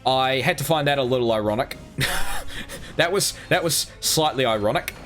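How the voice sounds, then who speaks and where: A man's voice: medium pitch, moderate pace, a bit bright, faint music behind. A man streaming a video game, rambling through crude jokes in casual commentary.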